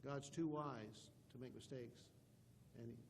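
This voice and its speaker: Man doing older folksy man, Tennessee accent, slow drawl, earnest, echoey church. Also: mid-range voice, steady tone, a little mellow, a little hiss or hum, pitched below the performer's own voice, lightly acted.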